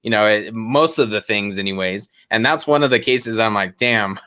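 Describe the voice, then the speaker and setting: A man's voice: on the low side, normal speed, sharp tone, clear, resonant tone. A man co-hosting a casual podcast, easygoing and laughing often. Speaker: podcast co-host.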